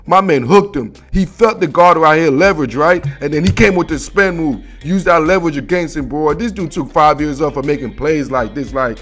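A man's voice: fairly high pitch, moderate pace, few pauses, fairly bright tone. Hyped slangy man breaking down game film. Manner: slangy, hyped, repeats "dog" and "bro". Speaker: football film breakdown host. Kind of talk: excited casual film-room commentary. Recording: faint background music.

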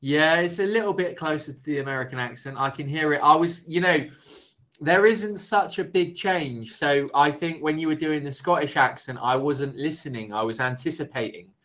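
A man's voice: fairly high pitch, normal speed, fairly bright tone. A man chatting as a conversation tutor over a video call, easygoing and reassuring. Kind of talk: casual chat.

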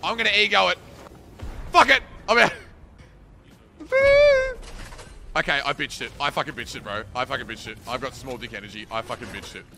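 A man giving live commentary to his chat while playing a tournament match, excitable, swearing and yelling at opponents. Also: mid-range voice, very fast, creaky, few pauses, very noisy. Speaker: streamer playing a battle royale tournament.

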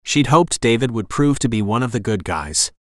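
A man reading a suspense novel aloud as audiobook narrator, steady and lively. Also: mid-range voice, normal speed, dry recording, studio quality. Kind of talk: scripted narration.

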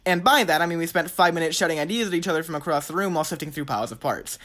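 Young male comedic narrator, brisk delivery, dry sarcasm with mock-epic flourishes. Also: fairly high pitch, bright, forceful tone. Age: young adult. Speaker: storyteller.

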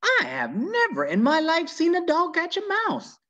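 A man voicing an amazed woman in a church congregation in a high, wondering voice. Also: wildly swooping pitch, normal speed, sharp tone, exaggerated voice.

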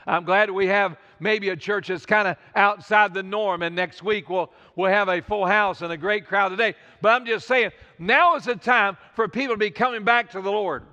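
A man's voice: high-pitched, fairly even intonation, moderate pace, few pauses, bright, forceful tone, in a large hall, muffled recording. A man preaching a sermon as pastor, fervent and repetitive, appealing straight to the congregation. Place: church sanctuary.

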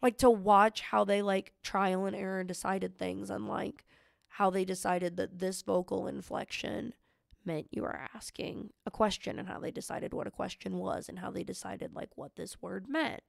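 A woman's voice: mid-range voice, steady tone, normal speed, gravelly, no echo, studio quality. A young woman talking as a guest on a podcast, chatting casually and rambling with lots of fillers. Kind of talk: casual chat.

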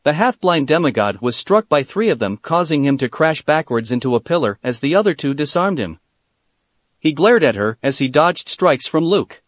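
A man reading a fan fiction story aloud as narrator in a steady storytelling manner. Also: fairly high pitch, moderate pace, dry recording.

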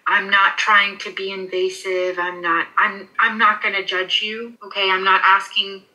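A woman working as a pet psychic in a session, soothing and reassuring, often halting with fillers. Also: medium pitch, little pitch movement, sharp tone, low-quality recording. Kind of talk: animal communication session.

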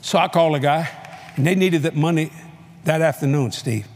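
A male preacher telling a story in a sermon at a convention, animated and playful, laughing often and bursting into shouts. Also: fairly high pitch, normal speed. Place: convention hall before a live audience.

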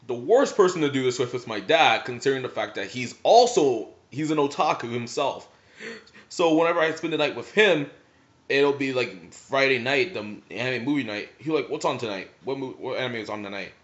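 A man's voice: mid-range voice, lively intonation, moderate pace. A young man casually telling rambling stories about watching anime with his father, full of "like" fillers, on a slightly muffled recording. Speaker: vlogger. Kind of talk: casual storytelling.

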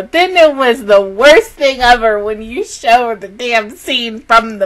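A woman's voice: on the high side, takes it slowly, few pauses, fairly bright tone. A young woman hosting an anime reaction channel, talking casually and emotionally, swearing often as she reacts.

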